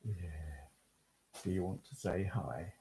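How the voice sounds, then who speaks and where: An English man with a very low voice talks loosely on a live stream. He rambles, answers viewer comments and drifts between topics in a relaxed, chatty way. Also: measured pace, vocal fry, slightly rough. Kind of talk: casual live-stream chat.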